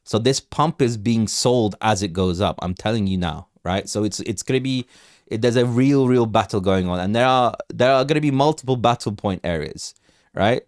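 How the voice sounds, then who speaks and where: A man with a lowish voice hosts a crypto livestream, talking through market levels in a loose, rambling way. He restarts sentences, repeats words and keeps asking the chat what to look at, recorded close and dry. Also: moderate pace, no room sound. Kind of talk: casual live market commentary.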